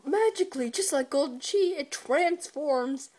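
A woman with a slightly high voice rattles through a joking episode recap. She is irreverent and giggly, swearing often and breaking into laughter. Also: animated, unhurried, a little mellow. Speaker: video reviewer.

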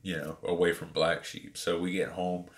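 A man casually retelling a story about buying sneakers, animated and full of fillers. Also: deep voice, moderate pace. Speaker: sneaker reviewer.

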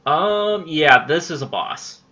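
A man giving casual let's-play commentary during a boss fight, excitable, swearing and yelling at enemies. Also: a little high, slow pace, dull audio. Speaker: gamer playing through a boss fight.

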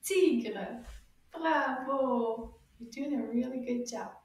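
A high-voiced French teacher leads a children's lesson slowly and cheerfully, exaggerating and drawing out sounds so the little ones can repeat them. Her tone is mellow rather than bright, and she sounds distant from the mic in a very echoey room.

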